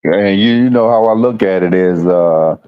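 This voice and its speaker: A man's voice: sits low, moderate pace, clear, resonant tone, dull audio. A man hosting a podcast, chatting casually and hesitantly, repeating words as he thinks. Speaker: podcast host.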